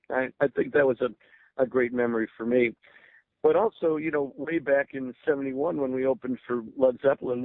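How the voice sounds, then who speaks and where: An older man with a gravelly voice tells stories as a guest on a radio show. He speaks eagerly, restarting words and laughing as he goes. His voice comes over a narrow, tinny phone line with no room sound. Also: medium pitch, no room sound. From Berwyn, Illinois, USA. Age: 60s. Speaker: guest musician. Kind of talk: radio interview storytelling.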